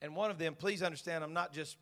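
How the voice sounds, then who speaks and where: A man, a senior pastor, preaching a Pentecostal sermon, dropping to quiet asides and then climbing to shouted proclamation. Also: on the high side, fast, big-room sound. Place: church sanctuary.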